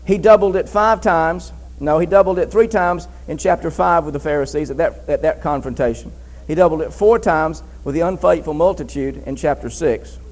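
Male preacher, high voice, emphatic sermon delivery with repeated phrases. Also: normal speed, few pauses, a little mellow, poor audio. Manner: emphatic, repeats phrases, reads scripture aloud.

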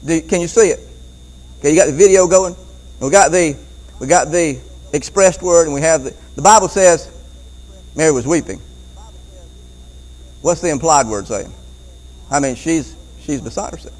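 Man, preacher, bible teaching sermon, animated, repeats himself, chuckles, slightly high voice. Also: moderate pace, pauses often, poor audio.

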